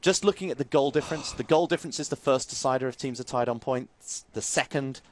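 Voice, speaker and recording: A man co-hosting a comic football chat show, explaining things in a wry, deadpan way. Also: medium pitch, fast talker, slight background noise. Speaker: podcast co-host.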